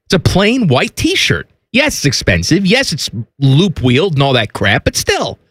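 Lively-voiced male radio host. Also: on the high side, moderate pace, no echo. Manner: animated, talkative storyteller. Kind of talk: casual radio banter.

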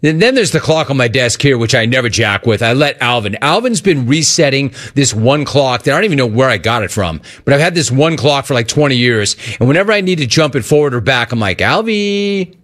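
A man's voice: mid-range voice, animated, fairly quick, hardly any pauses, a bit bright. A man hosting a call-in radio show, joking and riffing between callers. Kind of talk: casual talk radio hosting.

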